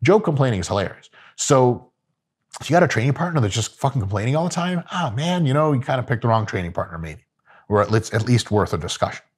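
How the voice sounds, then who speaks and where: A man's voice: medium pitch, big pitch swings, fast talker, husky. A man giving casual, profane, joking coaching talk about gym training. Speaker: fitness coach.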